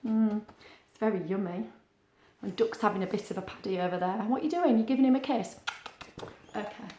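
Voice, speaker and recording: A woman's voice: medium pitch, fairly quick, mellow, a little hiss or hum. A woman reading a picture book aloud to children, chatting playfully with a puppet between pages. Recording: roomy echo.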